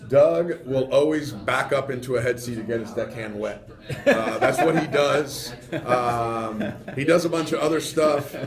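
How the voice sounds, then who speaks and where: A man's voice: medium pitch, unhurried, roomy sound. A man chatting as a guest in a radio studio, telling fishing stories animatedly with lots of fillers. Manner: animated storyteller, many fillers. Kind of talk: casual radio studio chat.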